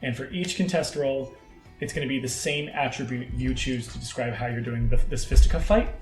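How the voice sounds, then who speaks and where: A man's voice: mid-range voice, a little fast, faint music behind. A man running a tabletop fight as game master, explaining rules and narrating action in a loose, rambling way. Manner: loose, rambling, laughing asides. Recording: roomy echo.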